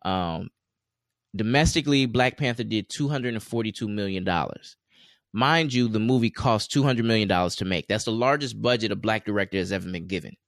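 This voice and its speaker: A man's voice: on the low side, brisk, dry recording, clean studio sound. A man co-hosting a casual chat show, talking in a loose, rambling way with many fillers and restarts. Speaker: podcast co-host.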